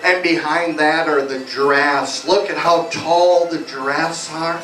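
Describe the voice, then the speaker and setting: A man working as a stage hypnotist, playfully guiding volunteers through suggestions at a live comedy show in a small bar. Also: sits high. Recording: echoey bar from far off, music behind.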